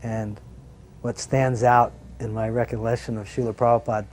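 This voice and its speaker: A man looks back in a reflective recollection, speaking calmly. His voice often drops softer, and it sits at a mid pitch. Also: normal speed, a little hiss or hum. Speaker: devotee recalling memories. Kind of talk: personal recollection.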